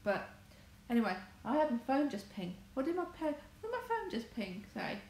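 Woman from England, wandering casual chat, animated swooping voice, roomy echo. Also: high voice, moderate pace. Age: adult, married. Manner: chatty, wandering, self-correcting. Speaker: crafts vlogger. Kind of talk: rambling casual livestream chat. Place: home conservatory. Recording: echoey room, faint background noise.

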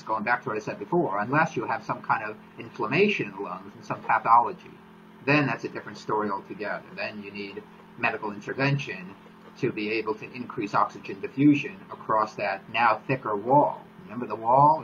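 A man's voice: on the low side, fairly bright tone, muffled recording, a little hiss or hum. A man hosting a live-streamed lesson, explaining the science step by step and repeating key points so they link together. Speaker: host, exercise physiologist. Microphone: live-stream mic.

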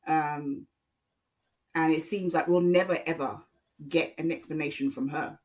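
Rambling woman YouTube commentator, lowish voice. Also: steady tone, unhurried, a little mellow, low-quality recording. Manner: rambling, repeats herself with frequent ums. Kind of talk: casual commentary monologue.

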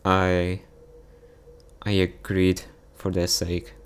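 Low, slow-voiced man reading softly. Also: completely flat delivery, clean tone. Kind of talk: reading a visual novel mod aloud.

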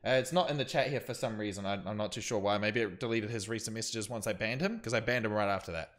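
A man's voice: lowish voice, quick pace. Aussie streamer, young man, talky commentary recap, filler-heavy. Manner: rambling, filler-heavy storytelling.

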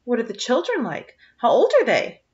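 A woman's voice: a little high, huge pitch swings, normal speed, darkish tone, pitched above the performer's own voice. A woman reading aloud voices an eager, imaginative teenage girl with an earnest manner, recorded on a dull lo-fi track.

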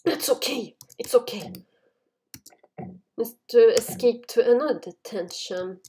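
A woman's voice: on the high side, a little slow, background noise. Panicky, chatty woman gaming host. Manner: chatty, panicky, frequent yelps and screams. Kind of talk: casual game commentary.

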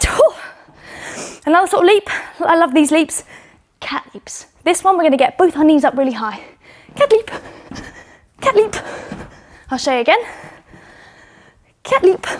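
Indoors at home, a young British-accented woman whose voice sits high walks children through gymnastics exercises. She encourages them warmly and is slightly short of breath while demonstrating.

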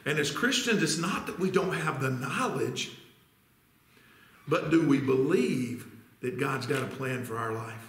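A man preaching an earnest, deliberate sermon as pastor, asking rhetorical questions. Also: on the high side, animated, a bit bright, echoey room. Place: church sanctuary.

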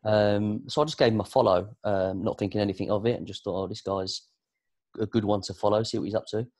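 Talking fast, a chatty British sports producer and presenter with a low voice guests on a podcast for a casual conversational interview. His storytelling is animated and heavy with fillers.

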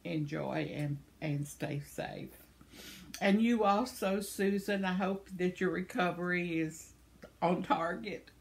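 A woman's voice: on the low side, slow pace, creaky. An older woman hosting her own channel, casually reading viewer comments aloud in a chatty, tender way, laughing often and stumbling over names. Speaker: channel host.

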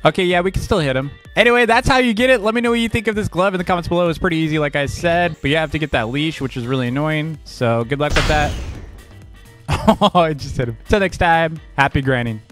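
Excitable man with a slightly high voice. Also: fast talker, faint music behind. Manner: excitable, laughs often, sudden high-pitched outbursts. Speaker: gaming YouTuber. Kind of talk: casual gameplay commentary.

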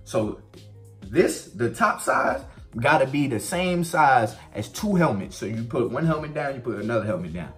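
A man casually telling a story to his viewers, animated and profane. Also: normal speed, faint music behind. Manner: animated, profane, swings pitch widely for emphasis.

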